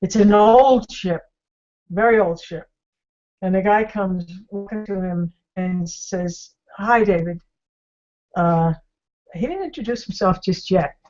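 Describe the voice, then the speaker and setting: A woman's voice: mid-range voice, unhurried, warm tone. A woman hosts an online group, retelling a story in a loose, casual way. She talks in a rambling manner with many fillers and restarts. Her audio is a little dull, as over a video call. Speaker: discussion host.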